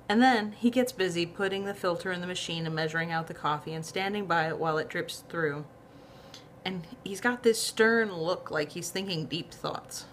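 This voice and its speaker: A woman casually reading a novel aloud in a lively, conversational way. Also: fairly low pitch, slight background noise. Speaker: reader of a novel.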